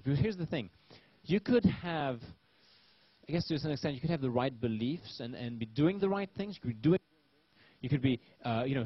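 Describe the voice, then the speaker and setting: A man's voice: medium pitch, highs cut off. A man presenting a live seminar to a small audience, talking loosely with many restarts and fillers.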